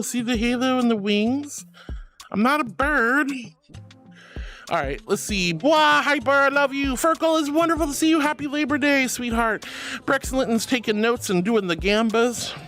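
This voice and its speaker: A woman streaming casually, greeting her chat in a bubbly, affectionate, giggly way. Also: on the high side. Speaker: VTuber streamer.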